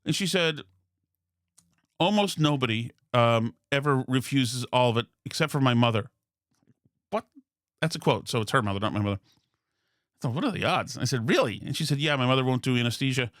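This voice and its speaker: A man from Massachusetts hosting a podcast, telling a long comic story in a rambling, deadpan way with incredulous asides. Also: mid-range voice, a little fast, long pauses, dry recording, studio quality. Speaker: podcast host. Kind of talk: comedic storytelling monologue.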